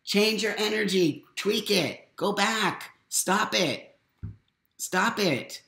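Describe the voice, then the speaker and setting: A man's voice: sits high, slow, creaky, pushed and bright. A middle-aged man hosting a live morning talk stream from his home, boisterous, blunt and profane, repeating his points for force. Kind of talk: unscripted live monologue. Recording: roomy echo.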